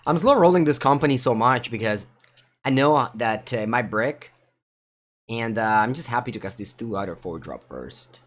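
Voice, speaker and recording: A man with an Italian accent streaming a card game, thinking aloud in low mutters with sudden excited outbursts. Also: moderate pace. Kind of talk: live gameplay commentary.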